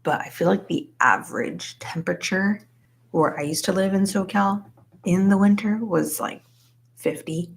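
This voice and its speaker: Low, gravelly young woman chatting on stream. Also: darkish tone. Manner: chatty, says "like" a lot, reads out chat names. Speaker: live streamer. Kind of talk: casual live stream chat with viewers.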